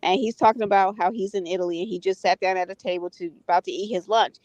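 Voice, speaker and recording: A woman's voice: medium pitch, fairly even intonation, fast talker, darkish tone, dry recording. A woman from the United States chatting casually, retelling a story and often checking in with "right?" and "you know". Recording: dull, dry lo-fi audio.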